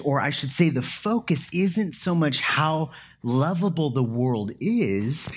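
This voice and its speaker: A man's voice: mid-range voice, slightly rough. A man giving a sermon in an earnest, conversational way, with casual fillers as he explains a passage. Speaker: pastor.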